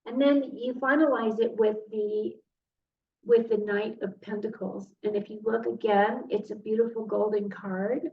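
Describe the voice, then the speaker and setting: A woman's voice: mid-range voice, fairly even intonation, unhurried, creaky. A woman giving a tarot reading straight to the viewer, earnest and easily moved, recorded from a distance in a roomy space. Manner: earnest, emotional, speaks directly to the viewer. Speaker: tarot reader. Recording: roomy, distant, dull sound with faint noise.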